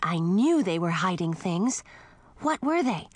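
A woman voicing an earnest teenage princess who pleads in a high, breathless voice. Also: very animated, a little slow, dry recording. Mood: alarmed.

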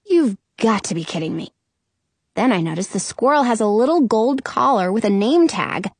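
Expressive woman reading a children's book. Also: mid-range voice, moderate pace, gravelly, no room sound. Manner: expressive, storytelling first-person. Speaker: audiobook narrator. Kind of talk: children's audiobook narration.

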